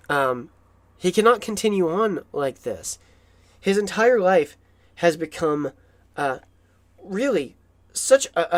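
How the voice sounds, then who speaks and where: A man giving an enthusiastic, rambling film commentary, with asides and chuckles. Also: high voice.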